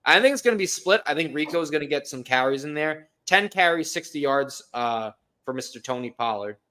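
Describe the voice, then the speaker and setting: A man co-hosting a sports podcast, with a bright, forceful voice that sits a little high for a man. He is loud and jokey, swears freely, and rattles off his game predictions in a casual chat. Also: lively intonation, brisk. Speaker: podcast co-host.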